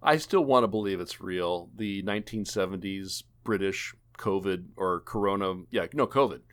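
A man's voice: sits low, normal speed, clean tone. A man hosting a casual gaming podcast, rambling and joking with many fillers and restarts. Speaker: podcast host. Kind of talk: casual gaming podcast chat, wrapping up the show.

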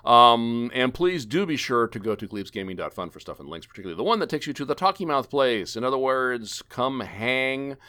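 A man's voice: medium pitch, lively intonation, fairly quick, few pauses, bright, forceful tone, clean tone. A man hosting a casual gaming podcast, rambling and joking with many fillers and restarts. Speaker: podcast host. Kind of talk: casual gaming podcast chat, wrapping up the show.

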